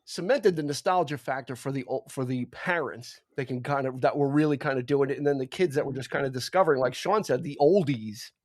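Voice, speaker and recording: A man's voice: mid-range voice, brisk, hardly any pauses, no room sound, clean studio sound. A man co-hosting a podcast, chatting casually about an old film with many restarts and fillers. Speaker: podcast co-host.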